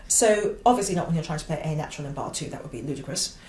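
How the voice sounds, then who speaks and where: A woman teaching the oboe, explaining a piece with clear emphasis and now and then singing a phrase. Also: low-pitched, expressive, rapid-fire, a little mellow, roomy sound. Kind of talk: instructional explanation.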